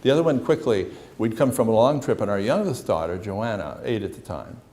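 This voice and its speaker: A man's voice: fairly low pitch, lively intonation, a little fast, dark tone. A middle-aged man, a psychologist leading a seminar, talking casually to a room and acting out little stories. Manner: conversational, acts out dialogue with anecdotes. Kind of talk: seminar lecture to a live room.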